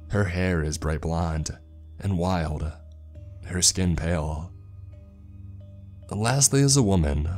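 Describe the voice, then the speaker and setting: A man reading a horror story aloud in a slow, grave scripted narration. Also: deep voice, darkish tone. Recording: narration with faint music.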